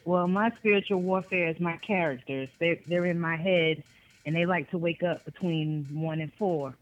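A woman's voice: fairly low pitch, normal speed, highs cut off. A woman from Boston, an author being interviewed, talking casually and animatedly in bursts. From Boston, Massachusetts. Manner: animated, laughs often, talks in bursts. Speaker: author guest.

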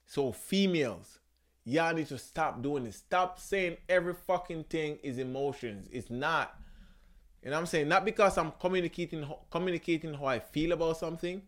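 A young man hosting a podcast, talking casually about relationships in an animated, emphatic way, swearing, repeating himself and searching for words. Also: a little high, moderate pace. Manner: searches for words, frequent restarts. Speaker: podcast host.

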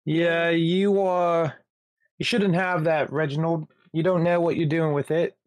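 Higher voiced guy at a tabletop game, hesitant, lots of uhs, dry close mic. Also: little pitch movement, a little slow, dry recording. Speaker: player. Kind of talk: casual tabletop play.

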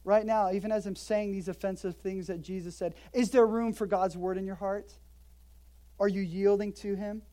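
A woman preaching in a church, her voice mellow and warm. She keeps a casual, conversational tone, drops joking asides, and leans in hard when she stresses a point. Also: mid-range voice, normal speed. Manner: emphatic, lively delivery. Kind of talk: expository sermon. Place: church in Hawaii.

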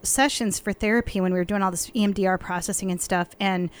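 A woman's voice: medium pitch, steady tone, fast talker, clean tone. A woman co-hosting a faith podcast, talking in an effusive, emotional way with frequent laughter.

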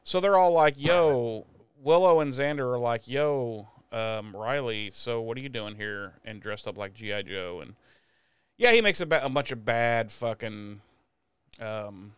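A man's voice: medium pitch, animated, measured pace, clean tone, dry recording. A man co-hosting a casual episode recap podcast, speaking loosely and profanely, laughing often and acting out characters' lines. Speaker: podcast co-host.

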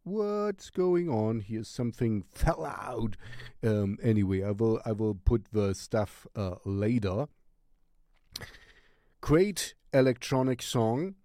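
A man's voice: fairly low pitch, slow, warm tone, no room sound, studio quality. A man with a German accent recommending a song on his music channel, rambling and searching for words. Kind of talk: casual music recommendation vlog.

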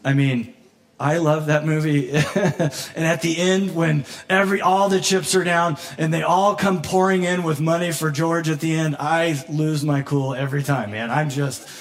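Animated, emotional male pastor preaching. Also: on the high side, normal speed. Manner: animated, conversational, laughs often, acts out quoted voices; emotional, near tears at moments. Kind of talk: sermon.

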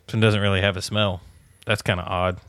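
A man chatting on a podcast, quick to laugh and to agree. His voice is bright, recorded close and dry. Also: low-pitched, level tone, clear, resonant tone, no room sound. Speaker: podcast co-host. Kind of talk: casual chat.

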